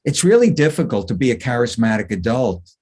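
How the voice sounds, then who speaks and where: A man's voice: mid-range voice, sing-song, brisk, a little mellow, husky. An older man, a psychologist, speaking as a guest in a webinar, telling anecdotes in a conversational way with chuckles and restarts over a video call microphone.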